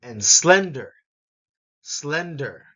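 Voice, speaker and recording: Slow, bright-voiced male English teacher. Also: on the high side, lively intonation, dull audio. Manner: models each word with clear stress, repeats for learners. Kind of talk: slow, deliberate pronunciation lesson.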